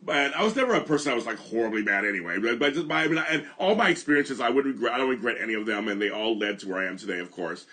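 A man's voice: medium pitch, lively intonation, quick pace, few pauses, bright, forceful tone. A middle-aged man from Los Angeles hosting, telling his own story in an earnest, reflective way that often repeats and restarts phrases. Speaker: host. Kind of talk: candid conversational storytelling.

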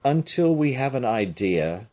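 A man reading a novel aloud, voicing a bold, shrewd male musketeer captain with a commanding, brisk manner and a lively lilt. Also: mid-range voice, voice pushed up.

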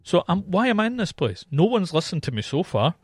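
Scottish man, slightly higher voice with a lively pitch, swears a lot in his stories, dry close mic. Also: fairly quick, breathy edge, no room sound. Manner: animated storytelling, heavy swearing. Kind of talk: casual chat.

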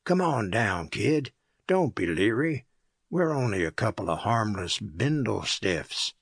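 A rough, slangy tramp by a creek who bosses a kid around, as a male narrator puts him on. The gravelly voice sounds dry and close, pitched a little higher than the narration. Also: big pitch swings, a little slow, no room sound, heavily acted. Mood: bossy. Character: gruff, bossy adult male tramp.

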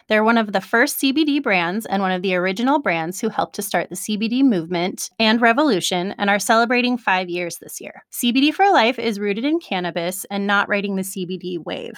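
A woman podcast co-host reading a sponsor ad in a brisk, upbeat manner. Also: mid-range voice, lively intonation, fairly bright tone, dry recording, clean studio sound. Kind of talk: casual chat and read ad.

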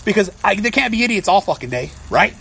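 A man's voice: high voice, big pitch swings, fast, gravelly, fairly bright tone, a little hiss or hum. A man hosting a casual podcast, ranting and swearing constantly while cooking in his kitchen. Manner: profane, ranting, heavy swearing. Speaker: podcast host.

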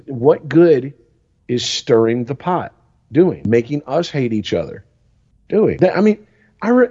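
A man's voice: fairly high pitch, warm tone. A man in his forties, co-hosting a podcast, telling rambling stories full of swearing. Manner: profane, rambling storytelling. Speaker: podcast co-host. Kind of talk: casual chat. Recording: dull lo-fi recording.

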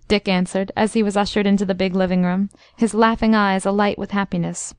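A woman narrating a classic story in a measured, expressive reading. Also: mid-range voice, clear, resonant tone, no echo. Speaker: audiobook narrator. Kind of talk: scripted narration.

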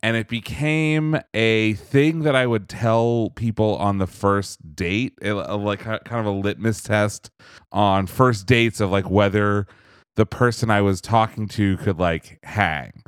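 A young man co-hosting a podcast, telling a long story in a casual, animated, self-amused way. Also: fairly low pitch, a little slow, smooth, no room sound, studio quality. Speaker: podcast co-host. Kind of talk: casual chat.

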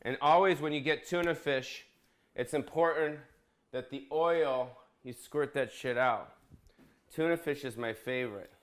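A man's voice: mid-range voice, unhurried, a bit bright. A man hosting a casual comedic cooking vlog, bossy and profane, teasing his cameraman. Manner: crude, bossy, joking, profane.

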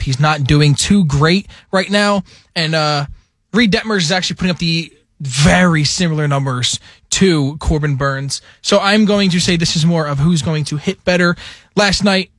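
A man's voice: on the high side, fairly bright tone, no echo, studio quality. A man on a sports radio show, talking casually and running through stats for his betting picks. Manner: chatty, runs through stats. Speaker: co-host giving betting picks. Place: radio studio.

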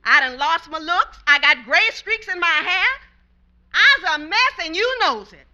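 A sharp-tongued wife in a 1950s radio comedy, brassy and scolding. Her very high voice is bright and leaps about. The recording is dull, with faint hiss behind her. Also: expressive, measured pace, heavily acted. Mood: indignant. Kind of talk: 1950s radio sitcom acting.

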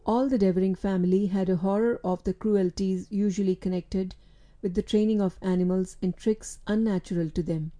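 A woman narrating a storybook in a steady, clear reading voice. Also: mid-range voice, normal speed. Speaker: audiobook reader.

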